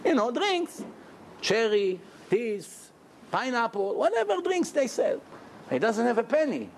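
A man telling a lively, joking story in a Torah lecture and acting out the characters as he goes. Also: very high voice, unhurried, vocal fry, slight background noise. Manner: animated, jokey storyteller who acts out characters. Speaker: rabbi giving a Torah lecture. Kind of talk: storytelling sermon.

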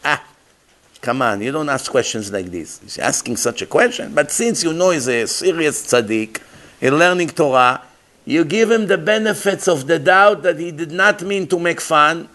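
Male rabbi, Torah lecture; emphatic storyteller, slightly high voice, non-native English peppered with Hebrew. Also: normal speed. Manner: emphatic, animated, switches into Hebrew phrases.

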